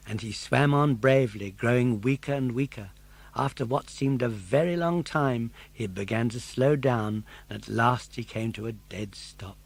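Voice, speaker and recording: An older man narrating a children's story in an expressive, animated way. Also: medium pitch, moderate pace, gravelly, slightly rough, no room sound. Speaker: audiobook narrator.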